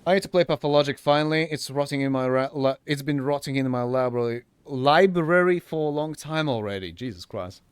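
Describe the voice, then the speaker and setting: A young British man streaming a game, animated and sweary, laughing often. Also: medium pitch, a little fast, hardly any pauses, clean tone, dry recording. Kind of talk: casual let's-play commentary.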